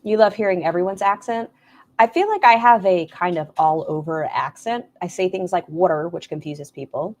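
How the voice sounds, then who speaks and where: A woman's voice: on the low side, moderate pace. A woman hosting a casual livestream, rambling and reading out chat comments as she goes. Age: adult with a son. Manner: rambling, reads and answers chat aloud. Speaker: livestream host. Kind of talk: casual live-stream chat.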